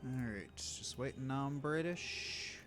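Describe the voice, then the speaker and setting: Man, game master, unhurried, laid-back, fillers. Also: mid-range voice, music in the background. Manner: relaxed, unhurried, many fillers. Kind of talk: running a tabletop game over voice chat.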